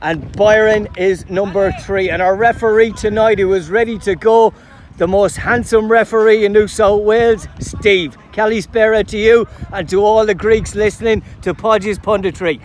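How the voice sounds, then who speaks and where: A man giving jokey, excitable live commentary on a youth football match outdoors. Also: sits high, moderate pace. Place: outdoors at a sports field.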